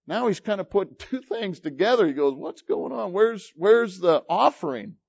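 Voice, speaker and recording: A man's voice: high-pitched, animated, normal speed, gravelly, husky, no room sound, highs cut off. A man preaching a sermon, retelling a scripture passage with dramatic storytelling and shifting emphasis.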